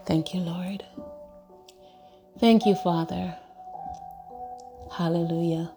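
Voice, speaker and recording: A woman hosting a morning devotional, praying softly and slowly at home. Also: fairly low pitch, steady tone, over music. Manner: slow, soft prayerful delivery; sing-song greetings, baby talk to her dog. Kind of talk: morning prayer and encouragement. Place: bedroom at home.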